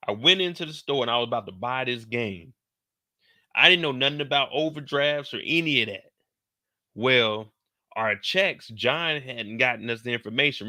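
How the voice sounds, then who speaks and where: This thirty-something male show host spins a casual, animated tale, cursing freely and performing the quoted dialogue himself. His pitch is medium, and the studio-quality audio carries no room sound.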